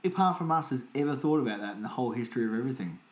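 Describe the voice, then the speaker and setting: A man co-hosting a podcast, quick-witted and teasing, throwing in jokes. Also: mid-range voice, lively intonation, reverberant, muffled recording. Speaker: podcast co-host. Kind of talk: casual comedic chat.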